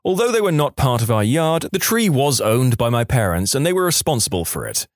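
A man's voice: medium pitch, sing-song, fairly quick, no echo, studio quality. A man narrating online stories as the host of a story channel, with wry asides. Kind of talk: reading reddit stories aloud.

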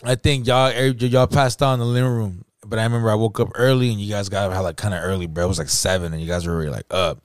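A man's voice: lowish voice, fairly even intonation, fast, few pauses, smooth, dry recording, studio quality. A young man, telling a profane, laughing story in casual chat and acting out the quotes. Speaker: podcast host.

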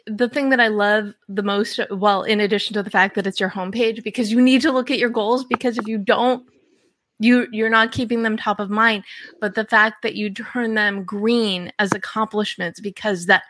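A woman's voice: mid-range voice, fairly even intonation, moderate pace, a bit bright, slight background noise. A woman hosting a podcast, talking enthusiastically in a casual conversation and often restarting her sentences. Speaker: podcast host.

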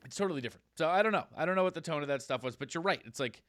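Man in lively casual sports chat. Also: fairly high pitch, rapid-fire, no echo. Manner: animated, acts out quotes in put-on voices. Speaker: podcast guest.

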